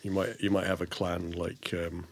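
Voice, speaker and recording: A Scottish man, a guest in a casual interview, explaining things in a halting way with restarts. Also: low-pitched, level tone. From Scotland.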